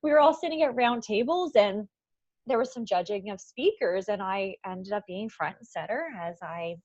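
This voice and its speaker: A woman recounts a personal story in an interview, heartfelt and animated, laughing often and leaning on "like." Her voice sits at a middle pitch. The recording is a little dull and dry. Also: moderate pace, no echo. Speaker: guest, event founder.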